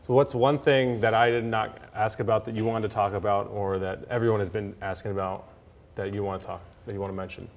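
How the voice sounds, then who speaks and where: A man's voice: fairly low pitch, steady tone, a little fast. A man working as a TV sports reporter, interviewing a guest in a chatty way and laughing along.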